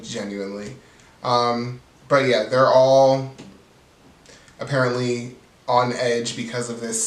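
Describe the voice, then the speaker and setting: A man's voice: fairly low pitch, reverberant, recorded from a distance, a little hiss or hum, rough recording. A man giving a casual, snarky, profane recap of a reality TV episode as host. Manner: snarky, profane, bored-sounding commentary.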